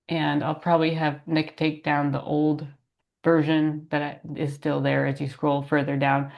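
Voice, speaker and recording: Casting: low-pitched woman, groggy and under the weather, calling in to a meeting. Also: gravelly. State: groggy voice from illness. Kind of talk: meeting update over remote call. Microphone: video call.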